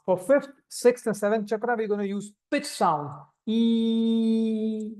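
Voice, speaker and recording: A man with an Indian English accent giving calm, step-by-step meditation instructions to a group over a video call. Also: high voice, normal speed. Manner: calm, step-by-step instructing, demonstrating vocal sounds. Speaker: meditation teacher. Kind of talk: live online meditation instruction.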